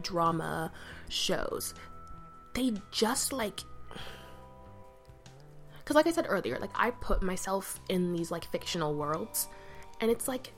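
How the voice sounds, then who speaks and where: Young woman, solo podcast host, rambling casual chat, filler-heavy, self-interrupting, mic on knee, sitting on bed, faint background music. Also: medium pitch. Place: sitting on her bed at home. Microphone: mic balanced on her knee.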